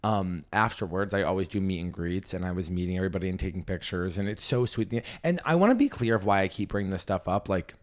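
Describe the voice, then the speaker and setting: A young man hosting a comedy podcast, telling a story in animated, gossipy casual chat, often breaking into loud laughs. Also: low voice, fast talker, hardly any pauses. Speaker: podcast host and stand-up comedian.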